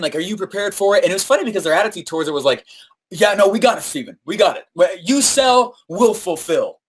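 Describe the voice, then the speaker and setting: A man coaching on marketing in a live-streamed talk, telling a story with lots of fillers, "right?" tags and acted-out quotes. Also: on the high side. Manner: animated storytelling, acts out quoted voices; frequent fillers and "right?" tag questions.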